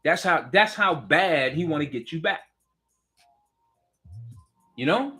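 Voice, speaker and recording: A man's voice: on the high side, animated, slow, pushed and bright, soft background music. Fiery man on a political rant. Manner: fiery, preachy, repeats himself, asks the listener direct questions. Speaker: political commentator.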